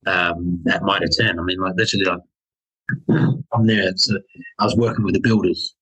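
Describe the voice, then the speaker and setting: Husky man with a light New Zealand accent. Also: deep voice, flat delivery, normal speed, a bit bright, poor audio. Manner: rambling, full of fillers and restarts, laughs at his own stories. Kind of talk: casual storytelling.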